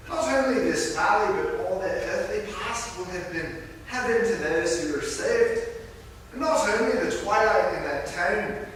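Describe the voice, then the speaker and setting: A man's voice: high-pitched, a bit bright, a little hiss or hum, voice pushed up. A man reading aloud as a kindly old male spirit guide, in a put-on Scottish accent, heard from far off in an echoey hall. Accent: Scottish (put on, weak).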